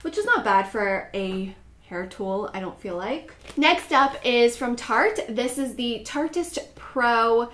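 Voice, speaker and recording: A young woman talks through a casual beauty haul in a chatty, upbeat way, filling her sentences with "like". Her voice sits a little high. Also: expressive, takes it slowly, fairly bright tone. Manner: chatty, upbeat, filler-heavy with frequent "like". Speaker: beauty vlogger.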